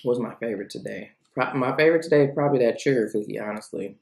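A woman's voice: rumbling low, quick pace, gravelly, darkish tone, echoey room. A woman reviewing cookies in a casual food vlog, chatty and rambling, thinking aloud between bites.

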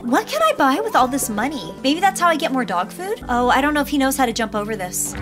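A high-voiced woman talks over a cute pet game, her voice bouncing animatedly as she coos at the dogs in sweet baby talk. Cheerful game music plays clearly behind her. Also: very animated, fast talker. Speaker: gaming YouTuber. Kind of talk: let's play commentary.

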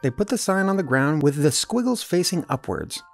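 A man reading a children's storybook aloud, with an animated delivery. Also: a little high, normal speed, soft background music. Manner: animated, doing character voices. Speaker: storybook reader.

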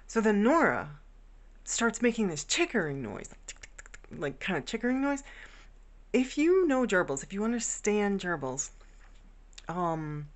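A woman's voice: medium pitch, big pitch swings, measured pace, long pauses. A woman casually telling a rambling, affectionate story about her pets at home. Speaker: vlogger. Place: home bedroom.

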